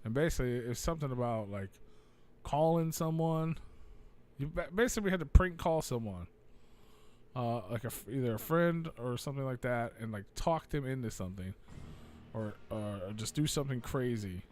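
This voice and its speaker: A man's voice: medium pitch, animated, a little fast. A man hosting a casual radio talk show, telling a long rambling story full of swearing. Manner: rambling storytelling, swearing, acts out quoted voices loudly. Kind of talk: casual chat.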